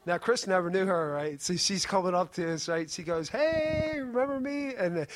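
A man's voice: high-pitched, fairly even intonation, fairly quick, dry recording. A man giving a spoken testimony at a church meeting, telling a rambling story and often asking "right?".

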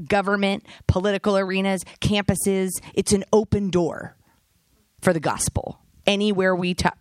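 A woman's voice: lowish voice, no room sound. Woman guest speaker, nonprofit leader, conversational filler-heavy delivery, dry close sound. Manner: casual, lots of "like", animated asides. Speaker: nonprofit director. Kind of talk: guest talk to a church. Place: church service.

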